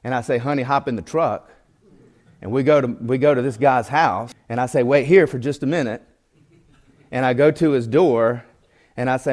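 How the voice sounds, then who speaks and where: A man's voice: medium pitch, moderate pace, darkish tone. Male Bible teacher, mid-range voice, earnest sermon delivery with homespun illustrations. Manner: earnest, reads scripture aloud and tells folksy illustrations.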